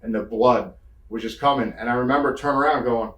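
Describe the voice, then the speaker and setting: A medium-pitched, fast-talking man from the Northeastern United States casually tells road stories as an interview guest, acting out quotes and swearing freely in animated fashion. A distant mic gives the recording a roomy sound.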